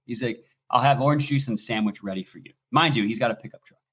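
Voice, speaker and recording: A middle-aged American man telling stories as a podcast guest, animated and swearing freely in casual talk. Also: medium pitch, fast, slight background noise. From United States. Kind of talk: casual storytelling.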